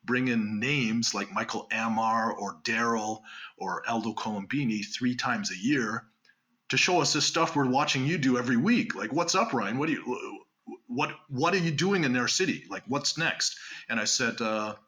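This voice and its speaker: Bright-voiced animated male storyteller. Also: medium pitch. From Canada. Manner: animated storyteller, quick asides and laughs. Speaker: guest magician. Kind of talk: casual interview storytelling.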